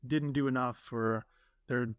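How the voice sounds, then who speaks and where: A man's voice: mid-range voice, fairly even intonation, measured pace, clear, resonant tone, dry recording, studio quality. A man hosting a podcast, talking earnestly with his guest in a casual interview. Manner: earnest, warm-hearted, many fillers. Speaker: podcast host.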